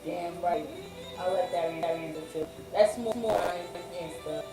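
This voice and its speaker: A woman hosting a casual interview, encouraging her guest with quick affirmations. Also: on the low side, reverberant, recorded from a distance, over music, poor audio. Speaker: host.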